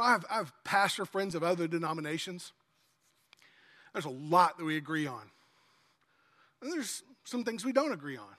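A man preaches a sermon in a relaxed, folksy manner, mixing humor into his teaching. His voice sits high and sounds bright and sharp. A long hall reverb trails behind him. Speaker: pastor.

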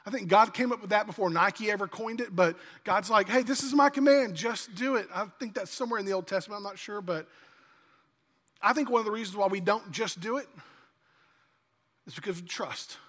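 A man's voice: high-pitched, fairly quick, a bit bright. A man preaching a sermon in a church, telling a folksy story. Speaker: pastor. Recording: long church-hall reverb.

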